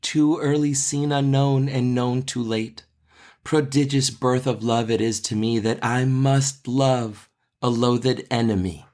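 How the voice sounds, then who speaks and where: Juliet, a smitten young noble girl from a stage play, read by a man. The verse comes slowly in a plain, everyday voice at a middle pitch, with no put-on girlishness. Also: steady tone, a little mellow, close to an everyday voice.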